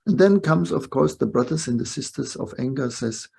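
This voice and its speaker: Gravelly older man teaching, tag questions. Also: mid-range voice, animated, normal speed, dark tone. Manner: reflective, asks the listeners short tag questions. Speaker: spiritual teacher. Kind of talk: webinar teaching talk. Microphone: video call mic.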